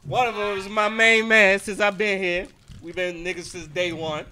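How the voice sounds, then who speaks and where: A man's voice: high-pitched, little pitch movement, normal speed, sharp tone. A man hosting a casual podcast, introducing guests in a loose, joking way. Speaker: podcast host. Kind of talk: casual chat.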